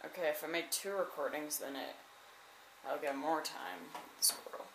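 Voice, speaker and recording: A woman vlogging with a handheld phone camera on a home staircase, chatting excitedly, swinging from hushed murmurs to loud exclamations. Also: low voice, normal speed, noisy background. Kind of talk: casual handheld narration. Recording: echoey indoor stairwell.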